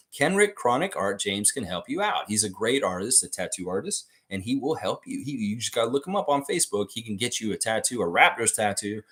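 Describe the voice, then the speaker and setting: A man with a lowish, fairly bright voice hosts a casual livestream. He addresses his chat bluntly, swearing as he argues with them.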